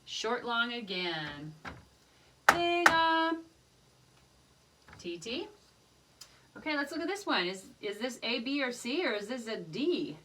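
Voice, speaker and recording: A woman's voice: fairly high pitch, sing-song, moderate pace. A woman teaching a rhythm lesson, singing short phrases and then speaking the rhythm syllables. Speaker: music teacher. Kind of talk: rhythm lesson with sung examples. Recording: distant mic with loud background noise.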